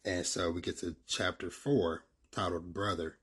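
A man's voice: deep voice, steady tone, unhurried, a bit bright, slightly rough. A man casually retelling a comic's plot in a rambling, filler-heavy way.

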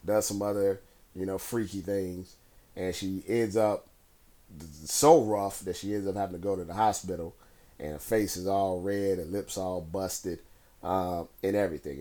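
Low-voiced man musing casually. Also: fairly even intonation, unhurried, mellow. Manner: rambling, conversational, frequent fillers and restarts. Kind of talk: casual solo commentary.

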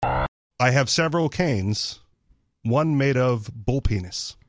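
A man's voice: medium pitch, expressive, slow pace, dry recording. A man co-hosting a talk radio show, tossing in dry, sarcastic one-liners. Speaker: radio co-host. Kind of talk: casual talk radio banter. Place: radio studio.

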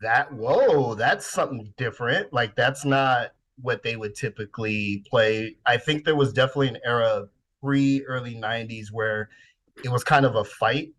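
A man's voice: medium pitch, moderate pace, a bit bright. Podcast host, man in his forties from the Bay Area, easygoing reminiscing talk with casual swearing, mid-range voice. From San Francisco Bay Area. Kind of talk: casual chat.

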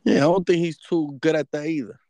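A man co-hosting an uncensored podcast, telling stories in loud, profane banter. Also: on the high side, brisk, no room sound. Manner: animated, profane storytelling. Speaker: podcast co-host.

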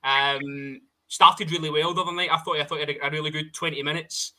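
A podcast host with a very bright, sharp voice moves quickly between his guests and callers. He keeps the conversation going at a brisk pace. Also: on the high side, steady tone. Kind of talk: football podcast hosting.

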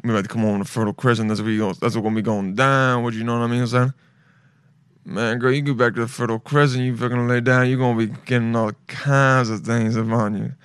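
A man doing a deep-voiced smooth seducer. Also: fairly even intonation, fast, fairly bright tone, no room sound, clean studio sound, close to an everyday voice. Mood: suggestive.

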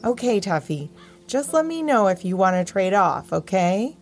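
A woman's voice: medium pitch, very animated, normal speed, soft background music. A woman voicing an eager, slightly bossy young male puppy hero.

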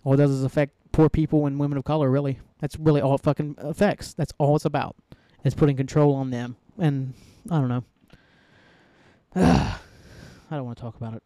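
A man's voice: on the high side, fairly even intonation, fairly quick, mellow, no room sound, clean studio sound. Heated, profane male podcast host. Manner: heated, profane, rambling with frequent "like". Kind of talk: casual solo podcast rant.

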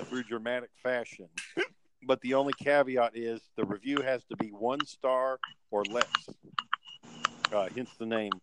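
A podcast host man with the hiccups, swearing freely and playing up mock outrage at his co-hosts. His voice is of average pitch, and clear noise runs under the line. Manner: swears, mock-indignant, loud. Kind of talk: casual banter.

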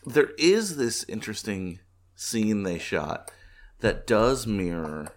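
A man with a lowish voice co-hosts a casual podcast from home. He talks in a relaxed, easygoing way and laughs often. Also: slow. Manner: laid-back, laughs often, does mock accents in quotes. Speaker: podcast co-host. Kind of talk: casual chat.

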